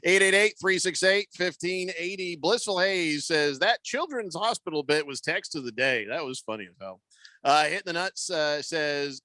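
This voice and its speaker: A man's voice: fairly high pitch, moderate pace, pushed and bright, dry recording. A man hosting a sports radio show, chatting casually, joking and reading out listener texts. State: losing his voice. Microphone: studio microphone.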